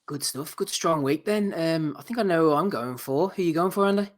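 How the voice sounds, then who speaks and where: A man hosting a podcast segment briskly, running through a list between jokes. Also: on the high side. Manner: brisk, runs the segment, lists items. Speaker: podcast host. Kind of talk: casual banter.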